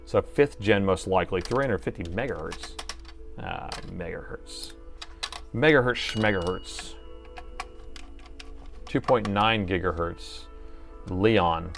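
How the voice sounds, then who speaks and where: Chatty low-voiced middle-aged man. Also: measured pace, faint music behind. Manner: chatty, thinking aloud, joking with chat. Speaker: host and laptop repair technician. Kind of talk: live-stream repair commentary.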